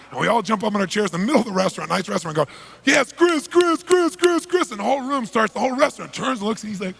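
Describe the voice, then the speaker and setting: Gravelly, emphatic middle-aged man telling a story. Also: high-pitched, slight background noise. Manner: emphatic, swings from loud to hushed. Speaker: motivational speaker. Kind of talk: motivational storytelling.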